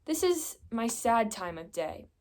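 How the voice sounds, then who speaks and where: A gloomy, grumbling toad who expects the worst, from a storybook, as a young woman puts him on. The voice drops a little lower and sounds sulky and weary. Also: big pitch swings, a little slow, darkish tone. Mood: glum. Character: glum grumpy male toad friend.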